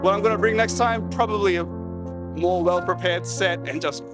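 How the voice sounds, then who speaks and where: A nervous Australian man from Canberra talks plainly about his set. His voice is slightly higher than usual for a man. Loud music plays clearly behind him. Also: moderate pace. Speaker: comedy contestant. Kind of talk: backstage interview.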